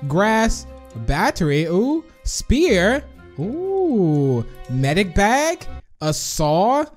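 A young man hosting a gaming video, chatting and reacting quickly with frequent laughs. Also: high-pitched, wildly swooping pitch, faint music behind. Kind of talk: excited gameplay commentary.

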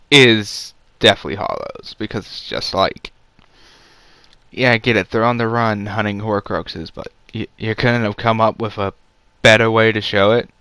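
A man's voice: fairly low pitch, pushed and bright, clean tone, no room sound. A man giving a casual, rambling movie review, sarcastic and full of fillers.

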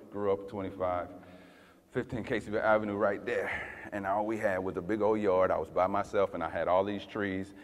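A man preaching a sermon as pastor, swinging from loud fiery passages to hushed tender ones. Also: lowish voice, long reverb tail.

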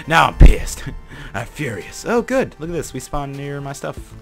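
A young man narrating his own gameplay, chatty and excitable, jumping from mumbles to panicked shouts. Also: on the high side, measured pace, vocal fry, pauses often, faint music behind. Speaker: gaming channel host. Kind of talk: gameplay commentary.

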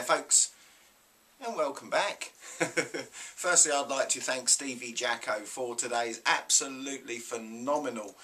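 A man with a British accent hosting a casual vlog of shout-outs, enthusiastic and checking in with "yeah?" as he talks. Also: medium pitch. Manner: enthusiastic, keeps adding "yeah?". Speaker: YouTube host.

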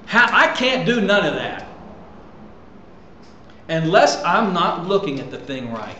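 High-voiced animated male preacher. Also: a little slow, long pauses, muffled recording. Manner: animated, swings loud and soft, repeats words. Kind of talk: sermon. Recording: echoey room with faint ambient noise.

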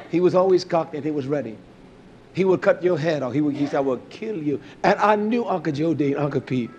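Male preacher, high voice, fiery sermon delivery, hushed to shouting. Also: muffled recording, a little hiss or hum.

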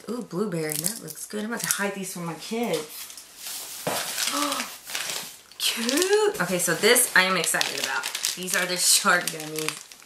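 Here a vlogger with a lowish voice unpacks a swap gift box, chatting away and gushing. She gasps often and drops to a whisper at times. The room is echoey and the background noisy.

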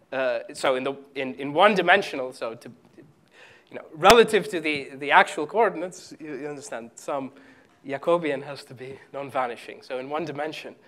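Man lecturer, slightly high voice, halting chalkboard delivery full of "um"s. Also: a bit bright. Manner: halting, full of fillers and restarts while writing. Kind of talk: live chalkboard math lecture. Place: lecture hall.

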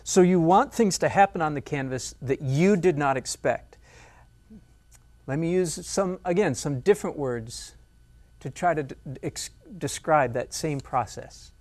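A middle-aged man teaching a painting lesson while he paints, talking in an animated, self-mocking way. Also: a little high, a little slow. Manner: animated, self-mocking, breaks into laughs and playful squeals. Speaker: art instructor.

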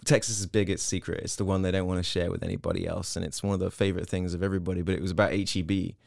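A quick, lively English man with a fairly low voice, sitting in as an interview guest and spinning anecdotes with quoted voices. The sound is close and dry, with no room around it. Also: gravelly, no echo. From Hong Kong. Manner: animated storyteller, slips into quoted voices. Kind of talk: casual interview chat.

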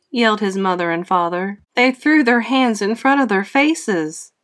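A woman reading a children's storybook aloud in a slow, expressive, teacherly way. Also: mid-range voice. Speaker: read-aloud host.

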